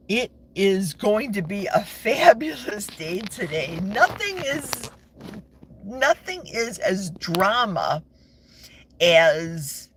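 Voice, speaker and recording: A talkative American woman in her sixties rambles to her live-stream viewers from a parked car. She speaks slowly, and her pitch swings lively from high to low. Clear car noise hums underneath, picked up by her phone. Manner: chatty, rambling, talks back to viewer comments. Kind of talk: casual live-stream chat. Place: parked vehicle. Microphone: phone held in the car. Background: vehicle noise.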